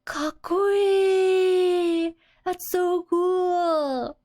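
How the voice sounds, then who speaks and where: A wide-eyed little girl from a comic gushes in loud, high-pitched bursts, as a woman puts her on. She sounds thrilled and excitable. Her voice sits well above an adult woman's usual range. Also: slow, smooth, exaggerated voice. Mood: amazed. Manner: loud, gushing exclamations.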